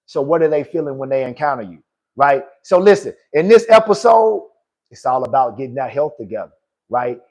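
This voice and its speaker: A man's voice: high-pitched, darkish tone. A man hosting a motivational podcast, talking in a preachy way, repeating key lines for emphasis and calling his listeners "good people.". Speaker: podcast host and life coach.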